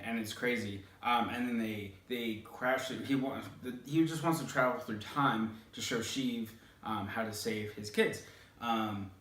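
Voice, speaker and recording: A man's voice: mid-range voice, fairly bright tone. A man hosting, casually telling a rambling story with lots of hesitant fillers, recorded in an echoey room some way from the mic. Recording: roomy, distant mic.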